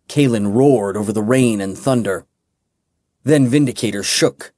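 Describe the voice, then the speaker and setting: A man narrating a fantasy audiobook with a measured, dramatic reading. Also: fairly low pitch, dark tone, no echo. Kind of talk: scripted narration.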